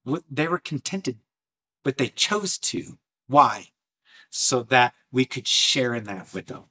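Guy preaching a fired-up sermon, mid-pitched voice, hammering repeated lines, loud then low. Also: slow, breathy edge. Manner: animated and emphatic, swinging from loud bursts to low intensity; repetitive, rhetorical, martial imagery. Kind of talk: impassioned sermon.

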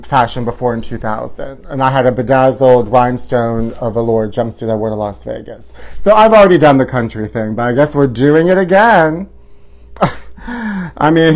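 A man hosting a campy live tabloid chat show, flamboyant and exclamatory, hamming it up as a mock-country cowboy host. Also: on the high side.

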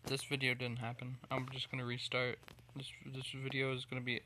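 A man's voice: medium pitch, monotone, brisk, noisy background. A man giving casual gameplay commentary, irritated, cursing and rambling as he plays. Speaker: gamer playing a survival game.

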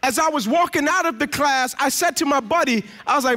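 High, bright-voiced man preaching a story. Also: fairly quick. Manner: emphatic storyteller, acts out quoted dialogue. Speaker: guest speaker. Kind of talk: motivational sermon storytelling. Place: church.

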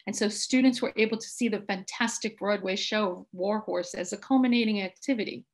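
A woman who teaches high school, giving a steady, methodical account of her classroom activities on a panel. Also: a little fast. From United States.

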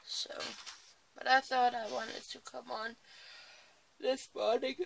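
Early in the morning, a sleepy woman who vlogs about crafting talks casually from her small home craft room, drifting between topics and apologizing along the way. She has a fairly high, creaky voice with flat delivery and takes her time. A little hiss or hum sits under the recording.

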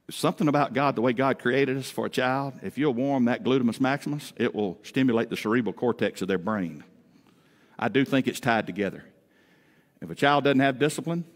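A man in the pulpit delivering a Father's Day sermon, his voice sitting in an ordinary middle range. He mixes homespun family stories and humor with emphatic rises and hushed drops. The sound carries a long reverb from the church hall. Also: mid-range voice. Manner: folksy storytelling with humor; emphatic, swings between loud rises and quiet drops. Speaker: pastor. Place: church sanctuary.

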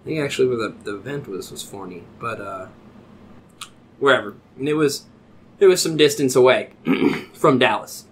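A man's voice: mid-range voice, lively intonation, normal speed, slight background noise. Rambling man telling a drinking story. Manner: rambling anecdotes with frequent swearing and fillers. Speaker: podcast host. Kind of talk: casual storytelling.

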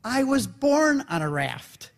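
Man, high voice, animated storytelling talk, acts out voices, long hall reverb. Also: slow, creaky. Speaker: Catholic speaker.

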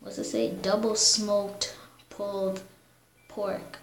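A woman's voice: medium pitch, flat delivery, takes it slowly, roomy sound, a little hiss or hum, poor audio. Slangy woman chatting over a game. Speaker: gamer. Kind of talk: casual game commentary.

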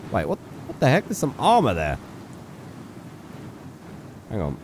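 A man's voice: fairly low pitch, huge pitch swings, a little slow, darkish tone, slight background noise. A young man giving playful live gameplay commentary, chatting to his viewers and scolding an in-game character. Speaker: game streamer.

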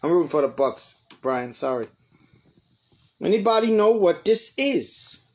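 A man hosts a live stream and talks straight to his viewers, calling out their names as he goes. His voice sits a little high and his delivery is slow and unhurried. He stays chatty and excited throughout. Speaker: pigeon show host.

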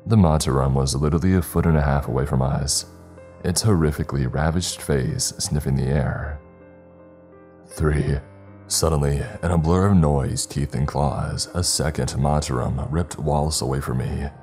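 Faint music plays beneath a scripted horror narration delivered by a man whose voice is extremely deep, dark, and mellow. He tells the story deliberately and with dramatic weight.

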